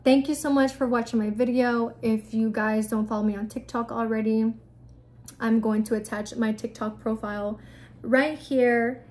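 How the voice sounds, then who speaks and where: A young woman with a fairly high voice gives frank, no-nonsense advice straight to the camera. Her delivery is casual and blunt, full of fillers and mild profanity. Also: little pitch movement, moderate pace, darkish tone. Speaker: vlogger giving advice.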